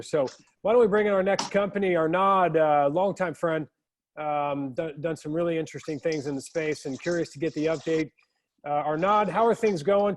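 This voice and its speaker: A man emceeing an online pitch contest, friendly and informal. His voice sits a little higher than most men's, and he moves the event along briskly. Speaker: host of a pitch competition.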